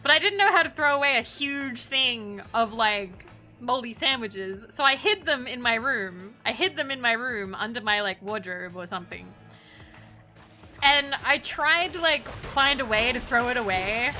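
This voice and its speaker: Bright, high-voiced woman telling a story. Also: animated, moderate pace, soft background music. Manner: rambling, giggly anecdote with frequent restarts. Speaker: VTuber streamer. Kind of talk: casual storytelling.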